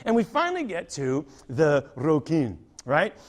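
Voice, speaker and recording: A male stand-up comedian telling a story on a theater stage, animated and acting out the people in it. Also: fairly high pitch, a little slow. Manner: animated, acts out characters.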